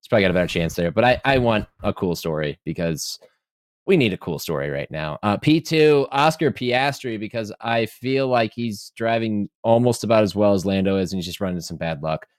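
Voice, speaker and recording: Male podcast co-host, low dry voice, playful banter. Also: a little fast, dry recording. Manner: jokey, laughs often, does silly voices. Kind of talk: casual sports chat.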